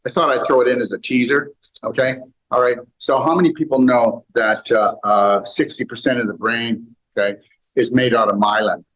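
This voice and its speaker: A man speaking to a live audience in a seminar room, preachy and animated, swinging between loud and quiet. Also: medium pitch, poor audio. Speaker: health speaker.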